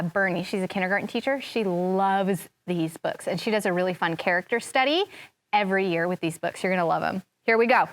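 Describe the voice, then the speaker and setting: A woman teacher giving a lively lesson to young children on TV, acting things out expressively. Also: mid-range voice. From US Pacific Northwest. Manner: animated, expressive, acts out feelings. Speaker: kindergarten TV teacher.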